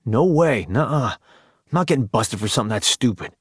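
A man's voice: medium pitch, lively intonation, normal speed, slightly rough, dry recording, studio quality. A man doing a jumpy, shaken young soldier. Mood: tense. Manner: tense, incredulous.

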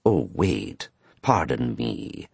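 A sinister anonymous caller with a peculiar, shifting voice that drops low and drawn-out, then jumps high as if on helium, as a storyteller puts him on. He taunts slowly and deliberately, with a husky, dry edge. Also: wildly swooping pitch, a little mellow, no room sound, heavily acted. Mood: taunting. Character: sinister mysterious male caller.

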